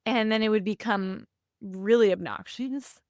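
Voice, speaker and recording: A woman in her thirties talks candidly on a podcast, reflective and quick to laugh. Her voice carries a gravelly fry, and the recording is dry and close. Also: medium pitch, a little mellow, no room sound. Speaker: podcast co-host. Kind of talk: casual chat.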